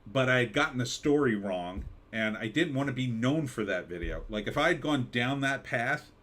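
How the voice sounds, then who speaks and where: A man's voice: medium pitch, animated, moderate pace, a bit bright. A man hosting a live stream, chatting casually and reading viewer comments, with a mid-Atlantic American accent. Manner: rambling, conversational, with mock announcer bits.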